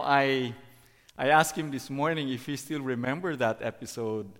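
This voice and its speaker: A middle-aged man giving a sermon as a preacher, halting, with many fillers and restarts. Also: medium pitch, steady tone, clear, resonant tone. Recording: long hall reverb.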